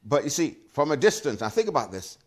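A man's voice: medium pitch, fast. Emphatic preaching man. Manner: emphatic, repetitive, animated preaching with Scripture references. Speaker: pastor. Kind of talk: sermon.

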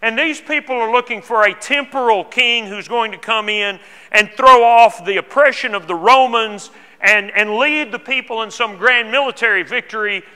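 Bright-voiced preacher man in a reverberant church. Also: very high-pitched, moderate pace. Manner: earnest, repeats words when restarting. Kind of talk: sermon. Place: church auditorium. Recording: long hall reverb.

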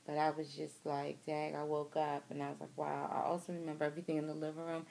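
A woman's voice: low-pitched, completely flat delivery, fast, creaky, darkish tone, slight background noise. A young woman, talking candidly and emotionally to her viewers in a personal video diary, recorded outdoors. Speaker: vlogger.

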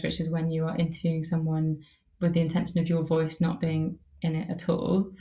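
Chatty woman teaching, echoey room. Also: lowish voice. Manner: casual, chatty, many "like" and "um" fillers. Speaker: workshop instructor. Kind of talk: teaching a masterclass with slides.

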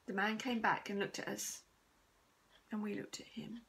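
A woman teacher reading a children's chapter book aloud, steady and expressive. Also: medium pitch, normal speed, gravelly, poor audio. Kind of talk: storybook read-aloud.

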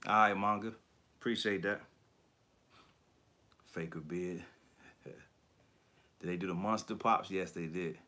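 A man hosting a casual livestream chat about collectibles, talking in slangy, profane bursts and animated storytelling. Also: low-pitched, slow pace, long pauses. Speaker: YouTube collector channel host.

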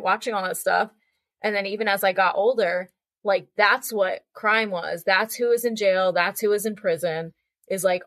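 A woman's voice: medium pitch, no room sound. Chatty young woman telling stories, dry sound. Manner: animated, chatty, acts out voices in anecdotes. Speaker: podcast guest. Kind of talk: casual storytelling conversation.

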